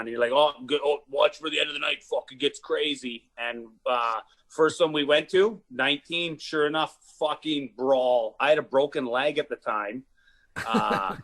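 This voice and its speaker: A man's voice: medium pitch, a bit bright. A man telling rowdy stories in casual podcast chat, swearing often and laughing mid-story. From Saskatchewan, Canada. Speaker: podcast guest, comedian.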